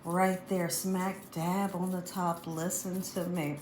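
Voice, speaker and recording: A woman's voice: lowish voice, level tone, slow, darkish tone, a little hiss or hum. Woman, home cooking host, enthusiastic, talks to viewers, roomy kitchen sound. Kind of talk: casual home cooking demonstration.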